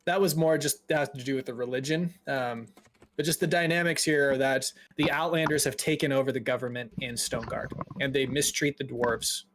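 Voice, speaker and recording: A man narrating as game master of a tabletop game, relaxed and descriptive, with frequent ums. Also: medium pitch, background noise.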